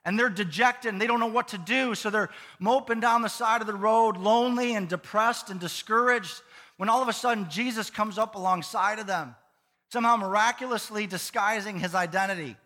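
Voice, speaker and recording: A man preaching a sermon as pastor of a church, lively and conversational, with playful asides to the congregation. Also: sits high, a little fast. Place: church sanctuary. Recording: long reverb of a church hall.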